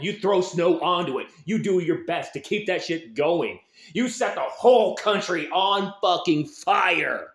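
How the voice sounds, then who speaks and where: A man hosting a show, delivering an angry, aggressive political rant full of swearing. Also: fairly high pitch. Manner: angry, aggressive, heavy swearing, shouted peaks. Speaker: host.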